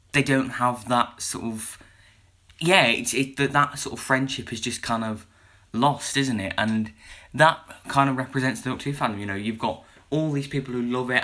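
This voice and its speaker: Young guy rambling thru a review, bright sharp voice, lots of "you know". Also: mid-range voice, normal speed. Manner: chatty and meandering, full of "you know" and restarts. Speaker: video reviewer. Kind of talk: casual video review.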